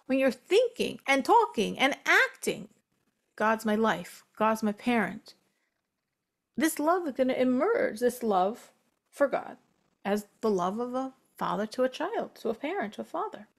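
An American woman teaching a religious class in a lively spoken style, repeating phrases for emphasis and quoting Hebrew. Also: high voice, normal speed, creaky. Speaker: Torah teacher.

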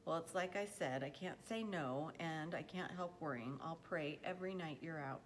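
A woman's voice: sits low, moderate pace, in a large hall, slight background noise, close to an everyday voice. Anxious country mother, as a woman reads her. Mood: worried. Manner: pleading, softly anxious. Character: worried country mother, gentle and fretful.

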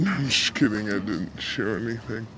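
A man's voice: on the low side, animated, moderate pace, a bit bright, slight background noise. A man chatting playfully and joking in a casual home video, recorded on a camera microphone. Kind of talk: casual vlog chat.

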